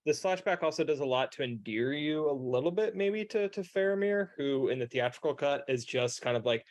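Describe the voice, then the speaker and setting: A man's voice: on the high side, expressive, a little fast. A man co-hosting a podcast in loose, joking casual chat, laughing often. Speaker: podcast co-host.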